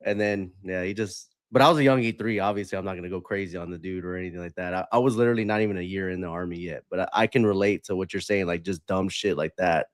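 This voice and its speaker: Easygoing low-voiced veteran host. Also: male voice, fast talker, few pauses, no room sound, studio quality. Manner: easygoing, filler-heavy, laughs along. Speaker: podcast host, army veteran. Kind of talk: casual chat.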